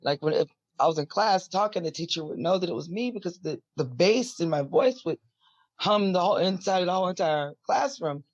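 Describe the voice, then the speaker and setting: Guest voice: husky, deep-voiced woman, rambly and filler-heavy, dull dry lo-fi audio. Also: animated, a little fast, dry recording. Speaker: musician guest. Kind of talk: casual interview talk.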